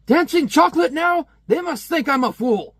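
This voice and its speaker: A man voicing an irate, mustached stepfather who shouts indignantly at TV commercials. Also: fairly high pitch, normal speed, no echo, studio quality, close to an everyday voice.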